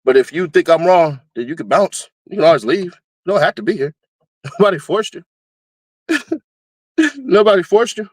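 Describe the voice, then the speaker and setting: A man hosting casual commentary, talking animatedly and laughing often, now and then breaking into high-pitched screaming bits. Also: animated, normal speed, pauses often, darkish tone, dry recording. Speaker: commentary host.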